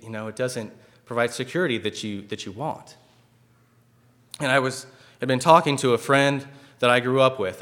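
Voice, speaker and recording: A man's voice: medium pitch, fairly bright tone. A man sharing a personal testimony at church in an earnest, conversational way, with many fillers and restarts.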